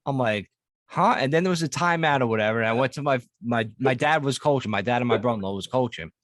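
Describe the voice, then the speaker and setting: A man's voice: medium pitch, fast, a bit bright, dry recording. A man co-hosting a podcast, casually telling a crude sports story. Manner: profane, laid-back storyteller. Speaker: podcast co-host.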